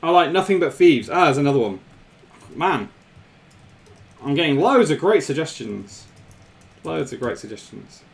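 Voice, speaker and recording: Man, live stream host, lively up-and-down pitch, a bit high, chatty, repeats phrases. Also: normal speed, creaky, long pauses. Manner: chatty, laughs often, repeats himself. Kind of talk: casual live stream chat with viewers.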